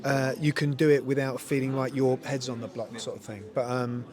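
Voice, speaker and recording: A man's voice: medium pitch, flat delivery, brisk, darkish tone. A man in his fifties, a lead actor chatting casually in an interview, rambling and full of "you know" and laughter. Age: 50s. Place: busy event venue at a screening.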